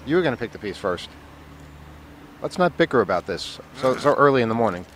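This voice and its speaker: He's a chatty co-host joking on a hotel balcony over a busy street, with traffic noise around him. His medium-pitched voice is very animated, fairly quick, and fairly bright, and laughter comes often.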